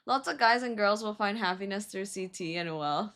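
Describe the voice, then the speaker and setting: A young woman streamer telling a story in a casual, animated way, laughing and swearing as she goes. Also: mid-range voice, normal speed. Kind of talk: casual storytelling while building a model kit.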